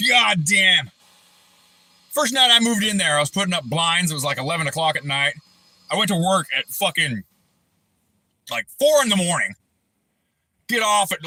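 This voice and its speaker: A man in his thirties hosting a livestream, ranting angrily and profanely, breaking into shouted bursts. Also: high voice, no room sound, rough recording. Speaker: livestream host. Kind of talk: angry personal rant on a livestream.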